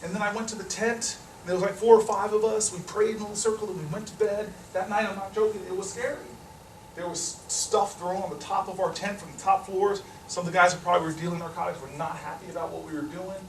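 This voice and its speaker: A man telling stories high and animated to a hall. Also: quick pace, a little hiss or hum. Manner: animated, acts out the voices of people in his stories. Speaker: politician speaking to an audience. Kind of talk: humorous storytelling speech. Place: hall with a live, laughing audience. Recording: echoey hall, mic at a distance.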